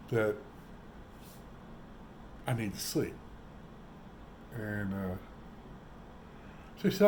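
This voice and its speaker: A man's voice: lowish voice, slow pace, long pauses, a little hiss or hum. A man vlogging, telling a casual story with lots of energy and acting out what people said. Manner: animated, acts out quoted voices. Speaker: trucker vlogger.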